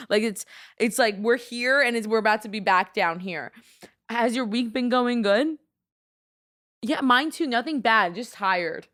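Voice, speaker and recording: A young woman from New York with a New York accent, hosting a casual solo podcast and rambling in an opinionated way, full of "like". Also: medium pitch. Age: young adult. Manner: rambling, lots of "like", animated and opinionated. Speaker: podcast host.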